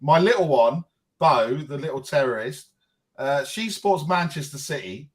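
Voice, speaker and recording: A middle-aged man chatting as a co-host, telling lively family stories and laughing often. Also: a little high. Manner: animated storyteller, quick to laugh. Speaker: co-host and football fan. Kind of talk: casual fan chat and storytelling.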